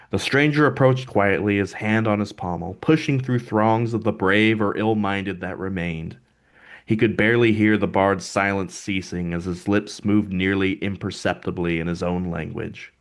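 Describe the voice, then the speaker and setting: A man, the author, reading his own dark fantasy novel aloud in a measured, deliberate way. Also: deep voice, gravelly.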